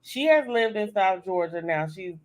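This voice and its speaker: A woman telling a story in a casual podcast chat, talking emphatically with animated, loud peaks. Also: medium pitch, moderate pace, rough recording. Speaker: audiobook narrator.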